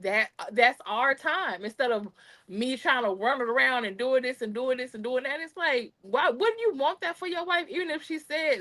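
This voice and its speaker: A woman with a fairly high voice co-hosting a relaxed podcast conversation. She talks bluntly and with lots of energy, swearing freely as she makes her point. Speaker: podcast co-host. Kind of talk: casual chat.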